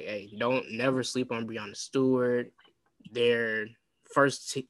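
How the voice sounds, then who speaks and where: A man talks through the sports week in a loose, rambling way, stumbling into restarts and fillers as he goes. His voice sits at an ordinary middle pitch. The recording is dry and close, with no room sound around it. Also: a bit bright, no room sound. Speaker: podcast host. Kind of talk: casual sports talk.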